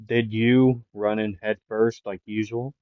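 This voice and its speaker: A weary, gruff male teacher, put on by a man, low and flat, dropping off at the end of his lines. The sound is dry and muffled, like a lo-fi home mic. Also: measured pace, no echo, lightly acted.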